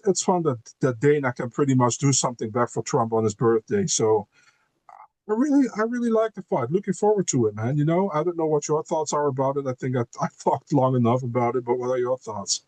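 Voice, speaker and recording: A laid-back podcast guest who co-hosts an MMA show talks casually, often circling back with "you know" and "man." His medium-pitched voice has a darkish tone and is recorded dry and close, with no room sound.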